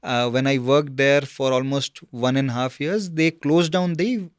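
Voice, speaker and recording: A man, a guest telling his career story in a casual interview, halting with many fillers and "okay?" check-ins. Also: mid-range voice, clean tone, no room sound, clean studio sound.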